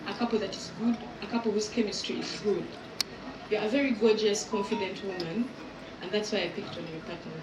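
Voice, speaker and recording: A woman in her thirties doing live stand-up crowd work as event host, teasing and exaggerating in an animated way. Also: medium pitch, fairly quick, background noise. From Uganda. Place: outdoor resort event with audience. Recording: echoey venue sound from far off.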